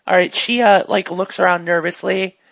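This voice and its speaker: A woman's voice: lowish voice, fairly even intonation, moderate pace, gravelly. A woman narrating as game master in a tabletop game, casual and full of fillers. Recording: dull, lo-fi dry mic.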